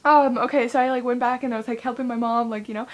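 A young woman chats through a long story in a casual vlog. She rambles, fills it with "like" and swears freely. Her voice sits a bit high and breaks into squeals when she gets excited. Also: fast. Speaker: vlogger.

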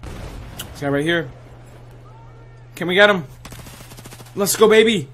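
A young man giving excitable, trash-talking live commentary over his own gameplay, full of gamer slang. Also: high voice, slow pace, a little hiss or hum. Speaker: gaming channel host.

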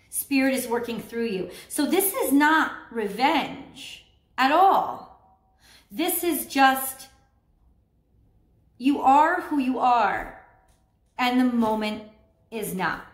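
Animated high-voiced woman reading tarot. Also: roomy sound. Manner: animated, laughs often, acts out voices. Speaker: tarot reader. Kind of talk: casual spoken tarot reading.

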